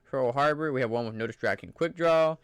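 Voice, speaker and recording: A man's voice: mid-range voice, a little fast, smooth, no room sound, studio quality. A man giving casual, enthusiastic commentary over gameplay footage in a loose, conversational way. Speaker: gaming channel creator.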